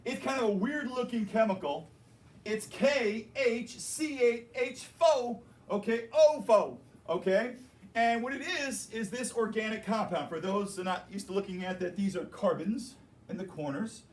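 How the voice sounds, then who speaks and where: A man's voice: sits high, lively intonation, moderate pace, slight background noise. A man teaching a chemistry class, explaining and joking with his students as he goes. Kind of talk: classroom lecture.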